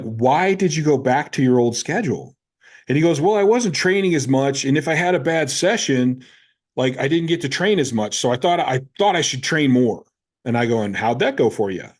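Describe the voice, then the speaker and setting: A man in his fifties, a powerlifting coach, talks casually on a podcast. He tells stories with energy and acts out both voices in the conversations he recounts, in a voice of ordinary pitch for a man. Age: 50s. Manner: animated storyteller who acts out both sides of conversations.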